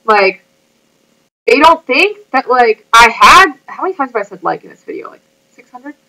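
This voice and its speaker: High, bright-voiced earnest woman. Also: very animated, normal speed, rough recording. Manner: chatty, earnest and emotional, heavy use of "like". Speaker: fitness coach. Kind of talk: motivational vlog talk.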